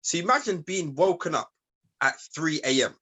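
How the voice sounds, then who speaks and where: A man's voice: a little high, animated, normal speed, sharp tone, slightly rough. A man co-hosting a casual podcast, telling a story and repeating his points as he goes. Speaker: podcast co-host. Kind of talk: casual chat.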